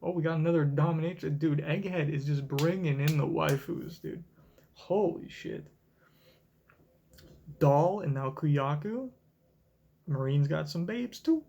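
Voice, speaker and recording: A young man streaming a live manga reaction, reading aloud and thinking out loud in an excitable, swearing way. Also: fairly high pitch, measured pace, vocal fry, pauses often.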